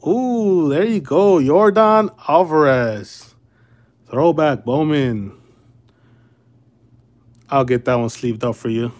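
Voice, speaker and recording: A man hosts a casual livestream card break at an easy, unhurried pace. His talk is laid-back and chummy, calling viewers brother and man. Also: a little high, a little mellow. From Chicago area.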